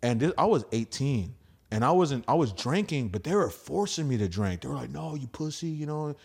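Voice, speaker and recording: A young man, a stand-up comic guesting on a podcast, telling wild party stories in a rambling, profane, animated way. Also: mid-range voice, brisk, gravelly, husky. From Houston area. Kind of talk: casual storytelling chat.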